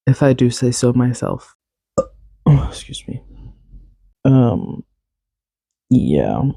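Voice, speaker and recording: Rambling, chatty young man, mellow voice. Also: medium pitch, gravelly, dry recording. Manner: rambling, chatty, self-correcting with little laughs. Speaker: podcast host. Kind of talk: casual solo podcast chat.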